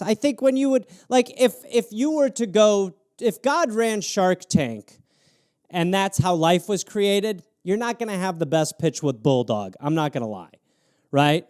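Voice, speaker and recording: A man's voice: high-pitched, clear, resonant tone, no echo, clean studio sound. A male comedian hosting a live show, riffing crudely on prompts and jumping into character voices. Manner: animated, crude, jumps into voices.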